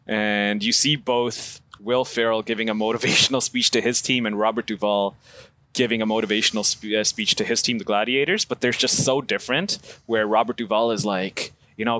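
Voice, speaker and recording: A man, co-hosting a podcast, telling an animated story about a movie scene. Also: on the low side, moderate pace, dry recording. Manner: animated storyteller, acts out quotes. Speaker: podcast co-host. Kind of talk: casual chat about films.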